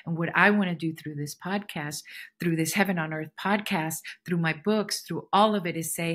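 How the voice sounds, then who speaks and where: Low breathy woman musing on her podcast. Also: normal speed, fairly bright tone. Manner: reflective, spiritual musing that circles back and repeats phrases. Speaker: podcast host. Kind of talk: casual solo podcast monologue.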